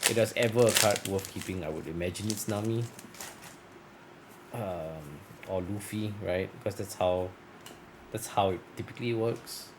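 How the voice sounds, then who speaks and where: A man's voice: low voice, normal speed. A man chatting casually while opening card packs, rambling and correcting himself, his voice turning scratchy from long talking. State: voice getting scratchy. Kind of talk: casual unboxing chat.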